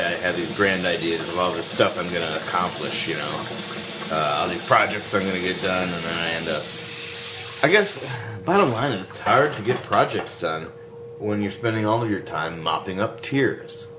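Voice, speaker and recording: A man's voice: low voice, animated, moderate pace, background noise. A man hosting a podcast, chatting casually in a goofy, joking way. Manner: goofy, joking, sing-song bits. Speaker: podcast host. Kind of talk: casual comedic chat.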